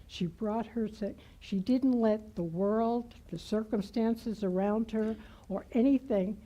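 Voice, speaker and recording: Woman guest minister, unhurried heartfelt sermon, very dark mellow tone. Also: mid-range voice, rough recording. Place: church sanctuary.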